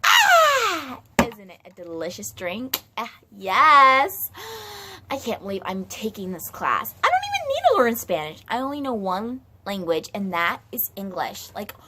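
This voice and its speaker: A woman's voice: mid-range voice, wildly swooping pitch, moderate pace, very noisy. A woman voicing a sassy, reluctant schoolgirl student in a comedy skit, dramatic and valley-girl in manner. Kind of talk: comedy skit role-play.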